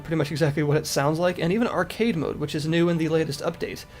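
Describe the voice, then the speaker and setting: A man's voice, set a touch higher than usual, comes through stuffy and nasal with a slight rasp from a cold. He talks through a game in a loose, casual commentary, full of fillers and self-corrections. Soft music plays underneath. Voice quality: raspy. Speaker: game reviewer.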